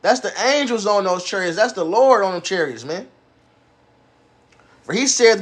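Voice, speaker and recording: A man with a high-pitched voice preaches, reading old scripture verses aloud and then breaking them down in blunt, cursing street slang. His delivery is emphatic and pointed. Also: expressive, moderate pace, pauses often. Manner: profane, emphatic, reads King James verses then explains in slang; acts out a bragging axe in a mocking voice.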